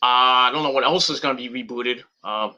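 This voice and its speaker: The audio is lo-fi as a podcast host in his thirties chats fairly quickly at medium pitch. He's casual and rambling, swears a lot, restarts often, and shouts in bursts.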